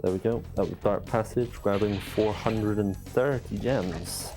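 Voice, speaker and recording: A low-voiced man talks through his own speedrun in a matter-of-fact, explanatory way. His tone is dark and mellow, and faint music sits behind him. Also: unhurried.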